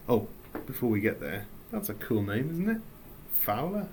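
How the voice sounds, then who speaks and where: A man from England with an English accent, teaching a recorded English lesson, reading slowly and adding playful asides. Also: mid-range voice, big pitch swings, a little mellow, a little hiss or hum.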